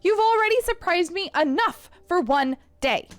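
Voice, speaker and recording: A woman's voice: very high voice, animated, moderate pace, dry recording, faint music behind, voice pushed up. A woman voicing a prim, scolding young scientist. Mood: exasperated. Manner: stern, scolding.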